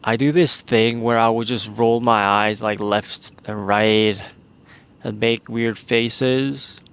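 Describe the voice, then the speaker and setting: A man's voice: mid-range voice, steady tone, takes it slowly, a bit bright, clear, resonant tone. A young man hosting a casual solo podcast outdoors in the evening, rambling and unsure as he thinks aloud. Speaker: podcast host.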